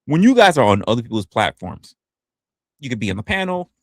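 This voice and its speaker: Talking fairly quickly, a male livestream host rambles loosely with plenty of profanity, often faltering and restarting mid-word. His voice bounces animatedly up and down in pitch, captured in clean studio sound without room echo.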